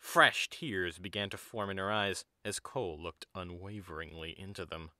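Deep, bright male narrator. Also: normal speed, no echo, studio quality. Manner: even, storybook delivery. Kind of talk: scripted narration.

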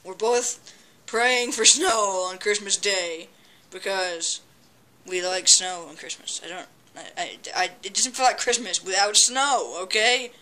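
Bright-voiced rambling gameplay commentator. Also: mid-range voice, measured pace. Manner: rambling, chatty, talks back at the game; frequent restarts and stammering. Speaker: gameplay video maker.

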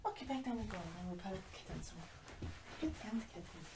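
A woman's voice: mid-range voice, animated, fairly quick, background noise. Chatty woman on a roomy distant mic. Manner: chatty, talks to kittens and reads viewer comments. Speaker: livestream host. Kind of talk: casual chat with viewers. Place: room with kittens.

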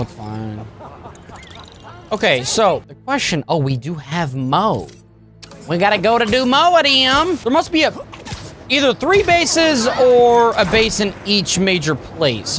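A man giving excitable, jokey commentary over his gameplay as the channel host. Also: sits high. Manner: excitable, jokey, loud outbursts.

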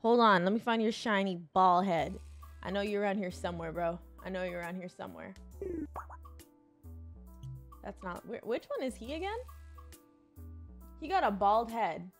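A woman's voice: medium pitch, lively intonation, a little fast, faint music behind. A young woman gaming streamer giving casual, slangy commentary and talking to herself as she plays. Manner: slangy, chatty, talks to herself.

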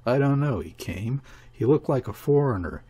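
A man's voice: mid-range voice, lively intonation, normal speed, dark tone, slightly rough. A man reading the part of a desperate, grieving woman in an audiobook, speaking in a listless, weary, murmuring way.

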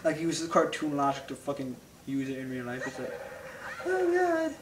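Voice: medium pitch, steady tone, fairly quick, a little hiss or hum. A gamer in casual let's-play chat, joking around and swearing a lot, recorded in a roomy room from a distant mic. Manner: profane, joking. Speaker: gamer playing a video game.

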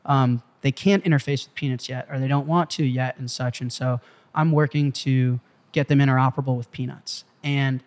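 Fast, excitable man telling a story. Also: medium pitch. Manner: excitable, profane, emphatic. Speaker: interview guest, company CEO. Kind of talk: animated storytelling in a casual interview. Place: Malibu.

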